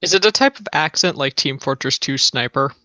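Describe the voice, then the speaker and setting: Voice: medium pitch, expressive, a little fast, sharp tone, no echo. A player in a tabletop game, chiming in with brief, dry replies.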